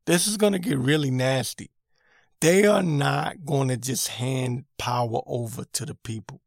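A man's voice: medium pitch, a little slow, gravelly, dry recording, clean studio sound. A man hosting his own podcast, giving an irritated, emphatic opinion rant and repeating his points for emphasis. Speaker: podcast host.

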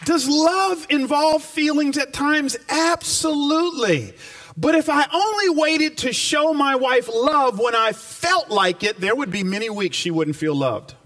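A man preaching a sermon as pastor to a live congregation in a church, stressing key phrases with slow repetition. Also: extremely high pitch, expressive, a bit bright, distant mic.

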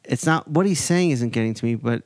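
A man's voice: mid-range voice, brisk, dry recording, studio quality. A man in his forties hosting a podcast, chatting casually and acting out other people's lines while he tells a story. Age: 40s. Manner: animated anecdote-telling, acts out other people's lines. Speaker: podcast host.

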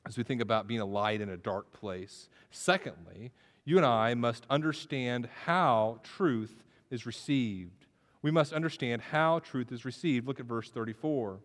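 A man preaching a sermon as pastor, often restarting phrases and repeating words. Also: mid-range voice. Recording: reverberant hall.

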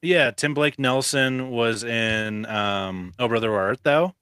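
A man's voice: medium pitch, takes it slowly, bright, forceful tone, smooth, dry recording. A man co-hosting a movie podcast, talking in a matter-of-fact, dry way. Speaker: podcast co-host. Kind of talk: casual movie-review chat.

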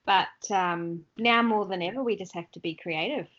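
A woman's voice: medium pitch, moderate pace, fairly bright tone, lo-fi sound. An Australian woman chatting as a guest in a casual online interview, laughing often as she talks.

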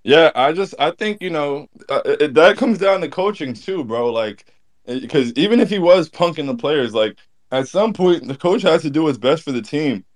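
Higher-voiced man talking sports thoughtfully. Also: expressive, moderate pace. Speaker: panelist. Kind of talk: casual sports talk.

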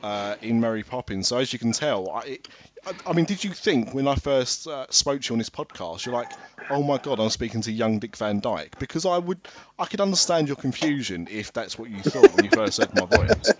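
A man's voice: mid-range voice, lively intonation, fairly quick. A man from the London area with a London English accent, hosting a podcast in a casual chat full of dry, teasing humor. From England, London area. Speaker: podcast host.

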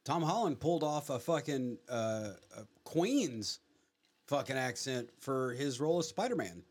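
A man with a mid-range voice talks at an easy, unhurried pace. He trades laid-back, profane banter in late-night podcast chat. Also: mid-range voice, very animated. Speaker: podcast co-host.

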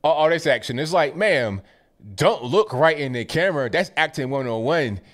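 A man giving casual, sarcastic commentary to his viewers, animated and mocking, often stammering and repeating words. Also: on the high side, normal speed. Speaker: political commentary streamer.

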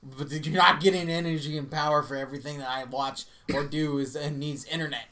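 A man's voice: fairly high pitch, steady tone, quick pace, pushed and bright. A man co-hosting a casual podcast chat, blunt and matter-of-fact, swearing casually. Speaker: podcast co-host.

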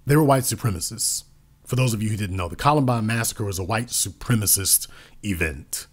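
In a lowish voice, a man delivers a political commentary monologue that is emphatic and repetitive, slowing down to stress key words.

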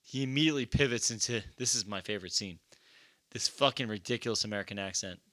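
A man's voice: on the low side, fast, sharp tone, no room sound. A young man chatting casually about a movie as a podcast co-host, rambling with lots of fillers and swearing freely.

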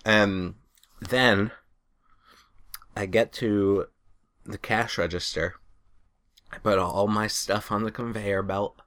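A man's voice: lowish voice, steady tone, unhurried, long pauses. A man co-hosting a podcast in casual chat, telling rambling anecdotes and laughing through them. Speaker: podcast co-host.

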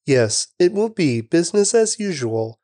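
A man reads scripture in a measured, unhurried voice. His voice sits a little high for a man, yet it sounds warm and mellow. The sound is close and dry, with no room around it. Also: very animated, no echo. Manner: measured, deliberate reading with slowed emphasis. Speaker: scripture reader, podcast host. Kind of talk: steady scripture reading.

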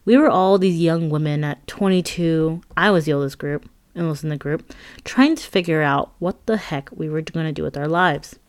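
A woman's voice: sits low, normal speed, no room sound. A woman reading her own memoir aloud as an audiobook, candid and wry, with frank asides to the listener. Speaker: memoir narrator.

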